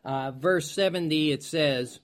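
Slow preacher, slightly high. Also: male voice. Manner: slow, searching, clears throat, loses place; reads scripture aloud in King James wording. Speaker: pastor. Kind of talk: Bible teaching.

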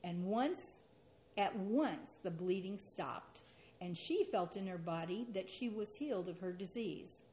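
A woman's voice: mid-range voice, lively intonation, measured pace, mellow, a little hiss or hum. A woman preaching a sermon and reading scripture aloud, with an earnest manner and rhetorical questions.

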